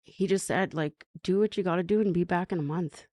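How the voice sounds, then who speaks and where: A middle-aged woman with a lowish voice tells a personal recovery story on a podcast. She speaks haltingly, circling back with fillers and restarts. The sound is dry and close, with no room around her. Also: a little mellow, no echo. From Canada. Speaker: podcast guest.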